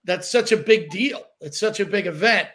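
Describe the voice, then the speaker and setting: A man hosting an interview, asking questions in a halting way with many restarts. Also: sits high, fairly bright tone. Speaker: podcast host. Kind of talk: casual interview.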